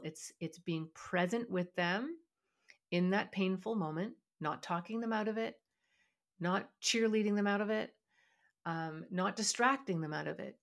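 A woman hosting a parenting podcast, talking earnestly and with emphasis, now and then acting out what a parent or child might say. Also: fairly low pitch. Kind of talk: solo podcast teaching talk.

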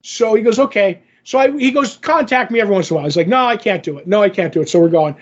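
Brief: husky, high-pitched male podcast co-host, animated storyteller, lo-fi audio. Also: racing. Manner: animated, acts out others' lines in the story. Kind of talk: casual storytelling chat.

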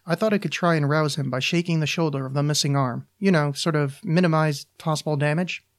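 A man's voice: fairly high pitch, steady tone, fairly quick, natural voice. A man voicing a worried young girlfriend. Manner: soft, worried. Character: anxious young pregnant girlfriend, gentle.

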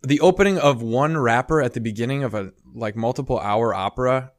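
A man's voice: mid-range voice, brisk, no echo, studio quality. A man in casual chat, telling a rambling story full of "you know" and "like".

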